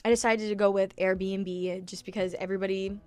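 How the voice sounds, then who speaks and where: A woman's voice: medium pitch, level tone, brisk, darkish tone, clean tone. A woman in her early twenties telling her travel story in a chatty, confessional way, full of "like" fillers and casual swearing, sometimes close to tears. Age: early 20s. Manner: emotional, close to tears at times. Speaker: travel vlogger.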